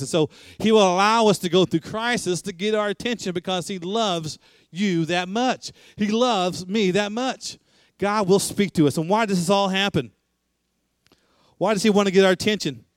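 A man's voice: a little high, dry recording. A man preaching a sermon, emphatic and repetitive, asking rhetorical questions.

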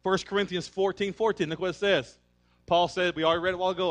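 A male pastor preaching a sermon, emphatic and energetic, calling on the congregation to respond. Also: sits high, moderate pace. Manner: conversational storytelling.

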